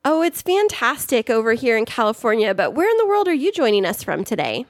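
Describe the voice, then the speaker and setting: A woman's voice: fairly high pitch, sing-song, brisk, no room sound. A woman co-hosting a podcast, bubbly and enthusiastic as she interviews a guest. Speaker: podcast co-host. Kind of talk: casual interview chat.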